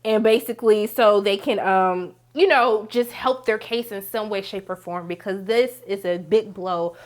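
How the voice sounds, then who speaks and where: A woman hosting a casual TV episode recap, talking straight to viewers in an animated, slangy, dramatic way. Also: medium pitch, measured pace. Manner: animated, dramatic, acts out characters in quotes; slangy, emphatic, talks to viewers. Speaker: TV recap host.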